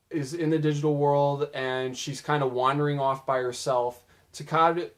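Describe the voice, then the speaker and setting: Chatty young man recapping show moments. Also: fairly high pitch. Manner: casual, chatty, quoting lines in lively put-on voices. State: losing his voice. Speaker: video host recounting show moments. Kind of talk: casual narrated recap.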